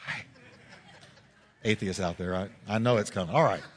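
A man's voice: lowish voice, normal speed, in a large hall. A male pastor preaching a sermon in a church, emphatic and full of rhetorical questions. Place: church sanctuary.

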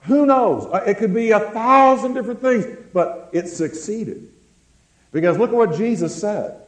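A man preaching a sermon, calling on the congregation to answer and slowing down to stress words. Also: high voice, expressive, reverberant, low-quality recording. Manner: preaching with call-and-response, slowing words for emphasis. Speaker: pastor.

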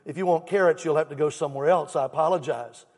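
A man voicing a paint store owner in a joke, a grown man who is polite and apologetic but gets exasperated, with a high voice and a long hall reverb. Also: fast talker, darkish tone. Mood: patient. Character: weary paint store owner, adult man, patient then fed up.

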